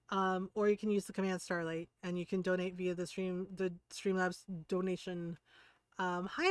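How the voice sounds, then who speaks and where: A woman's voice: mid-range voice, dry recording, studio quality. A middle-aged woman streaming a video game, chatting casually in a rambling way with lots of fillers and easy laughs. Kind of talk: casual livestream commentary.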